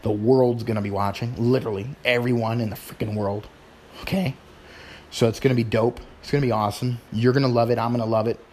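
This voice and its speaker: A man's voice: medium pitch, steady tone, fast talker, darkish tone, a little hiss or hum. A middle-aged man hosting his show in casual chat, rambling informally with sighs and restarts. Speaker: podcast host.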